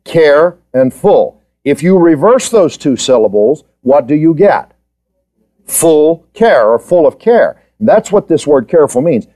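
A man's voice: on the high side, very animated, normal speed, hardly any pauses, dark tone. A man giving a Bible study lecture, quizzing his students and repeating key points for emphasis. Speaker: Bible teacher.

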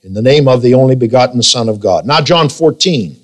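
A male pastor preaching a sermon, emphatic and reading scripture in a slow, drawn-out way. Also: medium pitch, lively intonation.

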